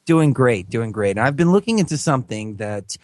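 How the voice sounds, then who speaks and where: A man's voice: medium pitch, big pitch swings, fairly quick, dry recording, studio quality. Earnest, rambling male radio guest. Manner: earnest, rambling, many fillers and restarts. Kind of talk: casual explanatory talk.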